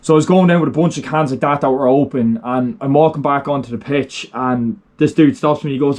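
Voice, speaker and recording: A young Irish vlogger tells an unscripted, rambling story, swearing and using lots of fillers. His mid-range voice is a little mellow, and he speaks briskly with few pauses.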